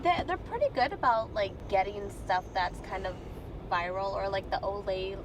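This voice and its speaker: A woman's voice: medium pitch, normal speed. A woman, the vlogger's wife, chatting in a bubbly, storytelling way during a casual vlog. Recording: distant, with loud outdoor noise.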